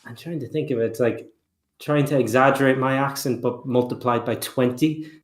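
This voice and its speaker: Male guest, mid pitch, relaxed chat, roomy echoey sound. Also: moderate pace. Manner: laughs often, relaxed. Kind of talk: casual chat. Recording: echoey room.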